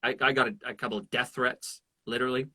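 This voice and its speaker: Animated male voice actor telling stories. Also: mid-range voice, quick pace, dry recording. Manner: animated storyteller who jumps into voices. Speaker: voice actor guest. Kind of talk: casual interview chat.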